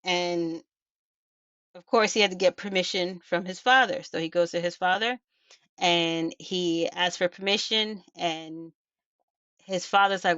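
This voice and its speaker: Chatty, low-voiced woman telling a story. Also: steady tone, measured pace, a bit bright, dry recording, highs cut off. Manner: chatty and emphatic, with rhetorical asides and restarts. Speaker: video host. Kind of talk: casual storytelling commentary.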